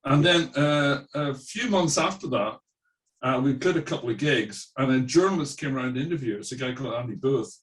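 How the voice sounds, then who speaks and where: A man's voice: mid-range voice, fairly quick, recorded from a distance, rough recording. A middle-aged Irish-born man with a mid-Atlantic accent, telling chatty stories as a musician guest in an interview. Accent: mid-Atlantic with Irish traces. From Ireland. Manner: chatty anecdotal storyteller. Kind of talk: casual interview storytelling.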